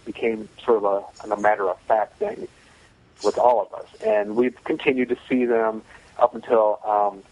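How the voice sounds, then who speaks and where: A man's voice: lowish voice, expressive, moderate pace, darkish tone, rough recording. A man telling a personal story in a casual, matter-of-fact way, with many "you know" fillers.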